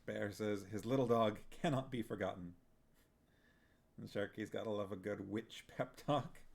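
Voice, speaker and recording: A man reading a novel aloud on a stream in a measured, deliberate way, occasionally reading out and answering viewer comments. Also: medium pitch, gravelly, a little mellow.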